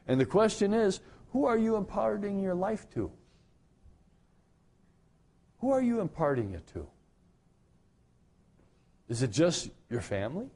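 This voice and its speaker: Casting: male pastor, middle-aged, folksy sermon, conversational, animated delivery. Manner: conversational storytelling with animated pitch jumps. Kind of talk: radio sermon.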